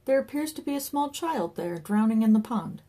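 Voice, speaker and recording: A woman's voice: fairly high pitch, expressive, moderate pace, warm tone, voice pushed up. A woman reading an audiobook voices a hairy, mischievous imaginary male companion who needles his friend in a playful, sly manner.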